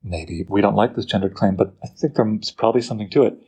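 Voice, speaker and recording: A man lecturing on a poem, lively and full of rhetorical questions to his listeners. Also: on the low side, fast talker, breathy edge. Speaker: literature teacher.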